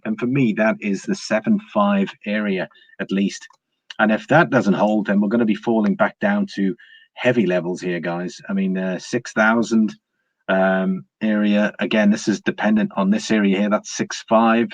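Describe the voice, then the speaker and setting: In a dry, slightly dull lo-fi recording, a British man with a fairly low, fairly even voice hosts a relaxed live stream at normal speed. He reads viewer comments and rambles on about his views, full of "uh"s, fillers and restarts.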